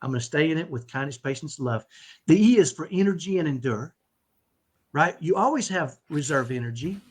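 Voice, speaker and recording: Middle-aged man, husky voice, slightly raised pitch, animated storytelling, podcast guest. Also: a little fast. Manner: animated, repeats "right?" often. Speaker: podcast guest, autism dad. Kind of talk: conversational storytelling.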